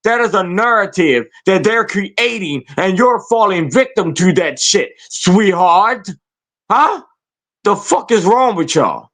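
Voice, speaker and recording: A high-voiced man hosting a podcast rants in a slow, deliberate drawl. He taunts his listeners with profane rhetorical questions. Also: animated, fairly bright tone. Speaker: podcast host. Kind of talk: confrontational rant.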